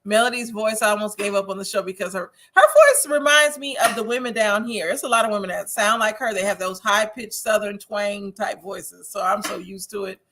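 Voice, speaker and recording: A woman's voice: mid-range voice, brisk, few pauses, a bit bright. A woman from Wisconsin hosting a casual TV recap show, reading viewer comments aloud, chatty and opinionated, laughing often. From Wisconsin, USA.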